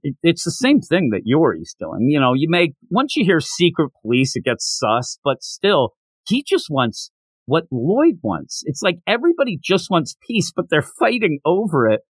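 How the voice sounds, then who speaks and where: A man recaps a manga chapter on a podcast in a casual, animated way and keeps slipping into its characters' lines. His voice sits fairly high and swings widely in pitch. The sound is dry and close to the mic. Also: moderate pace, breathy edge, dry recording, rough recording. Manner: animated retelling with quoted lines. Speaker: podcast host.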